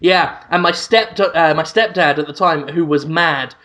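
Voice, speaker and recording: Guy on a podcast, high bright voice, swears a lot, cracks jokes. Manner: profane, mocking, quick to joke. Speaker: podcast co-host. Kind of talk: casual comedic chat.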